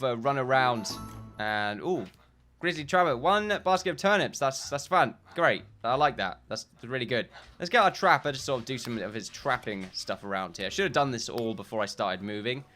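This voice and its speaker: A man's voice: mid-range voice, animated, normal speed, sharp tone. A man giving casual gameplay commentary, rambling and correcting himself often, with short chuckles.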